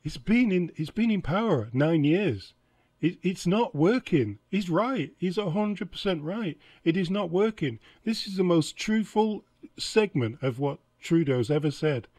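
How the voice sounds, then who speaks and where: A man's voice: high voice, lively intonation, unhurried, darkish tone, no room sound. A man hosting a reaction channel, exasperated and sarcastic as he comments on clips. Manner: exasperated, sarcastic, laughs often.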